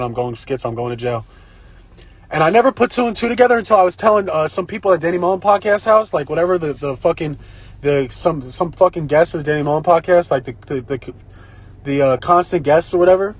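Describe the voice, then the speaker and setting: A man telling a long story on a phone livestream, in a profane, rambling and excitable way. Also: a little high, fast, breathy edge, dry recording. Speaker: live-streamer. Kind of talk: casual live-stream storytelling.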